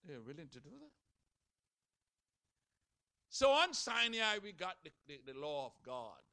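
A man preaching a sermon, dramatic, moving between loud shouted passages and hushed, quiet ones. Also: medium pitch, lively intonation, brisk, no echo.

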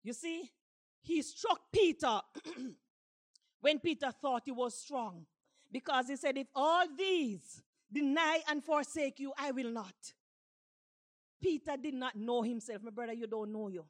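A woman preaching a sermon with passion, repeating lines and rising to shouts. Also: on the high side, a little slow, long pauses.

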